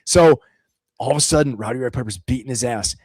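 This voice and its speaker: A middle-aged American man chatting on a livestream, telling lively stories with frequent laughter. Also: medium pitch, fast, slightly rough, dry recording. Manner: animated storyteller, laughs often. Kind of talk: casual livestream chat.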